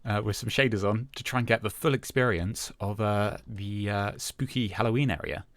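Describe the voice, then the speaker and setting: A man's voice: on the low side, moderate pace, no room sound. A man hosting a Minecraft let's-play, casually talking through what he does with many hesitant fillers. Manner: relaxed, self-talking as he plays. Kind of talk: casual gameplay commentary.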